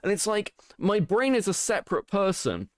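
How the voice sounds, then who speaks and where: Sarcastic, animated British man. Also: sits high, normal speed, dry recording, studio quality. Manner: sarcastic, swearing, animated, laughing asides. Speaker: commentary streamer. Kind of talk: reaction commentary, reading documents aloud.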